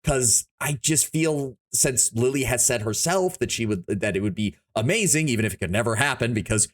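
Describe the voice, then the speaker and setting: A male streamer talking off the cuff, his voice swinging widely up and down as he rambles. He thinks out loud, trips over his own words and starts again, in a loose, casual live-stream chat. A man who swears freely and talks without a script. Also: medium pitch, normal speed. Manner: rambling, animated, thinks aloud with frequent restarts.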